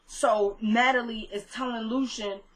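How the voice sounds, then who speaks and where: A woman giving a casual, chatty recap of a TV episode, slangy and quick to slip into quoting the characters' lines. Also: fairly high pitch, fairly even intonation, rough recording. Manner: chatty, slangy retelling that jumps into quoted dialogue.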